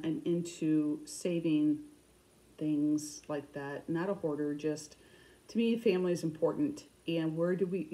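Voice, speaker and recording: A middle-aged woman with a Michigan accent, chatting fast and loosely to camera about her cross stitch projects, often restarting her sentences. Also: deep voice, mellow, low-quality recording. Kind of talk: casual chat to camera.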